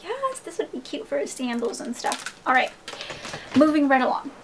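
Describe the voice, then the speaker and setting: A young haul vlogger gushes enthusiastically, chatting casually and calling her viewers "you guys." Her high voice is very animated, her pace moderate, and the background noisy.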